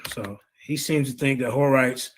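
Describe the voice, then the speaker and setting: A man's voice: mid-range voice, moderate pace, a little hiss or hum. A man hosting a livestream, combatively rebutting a rival and reading out sources with lots of repeated phrases. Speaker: streamer host.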